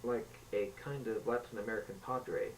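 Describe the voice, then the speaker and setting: A man reading a homemade adventure story aloud in a plain, steady way with small slips. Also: fairly low pitch, moderate pace, far from the mic, slight background noise, low-quality recording.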